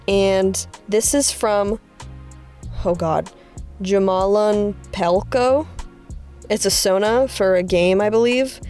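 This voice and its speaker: A woman artist casually talking through her drawings, chatty and rambling, with excited high-pitched bursts. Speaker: artist vlogger. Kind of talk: casual art commentary.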